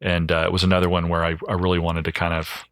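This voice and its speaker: Man, low-set voice, forceful and bright, easygoing podcast guest spinning anecdotes with lots of "um" and "you know.". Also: monotone, fast talker, clean tone, no echo, studio quality. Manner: rambling anecdotes full of fillers, acting out quoted voices. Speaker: guest, home cleanout business owner. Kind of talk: casual podcast storytelling.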